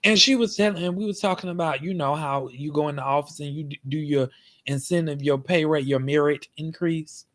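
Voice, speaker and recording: A man hosting a show, telling a comic story in a sassy, animated way and speaking straight to the audience. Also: a little high, fairly quick. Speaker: show host.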